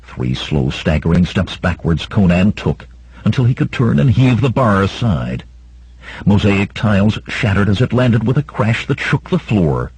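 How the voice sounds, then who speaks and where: A man's voice: on the low side, very animated, measured pace, breathy edge, no echo, rough recording. A man narrating an audiobook in a dramatic reading style. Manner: dramatic, voices shouts of characters. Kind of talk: scripted narration.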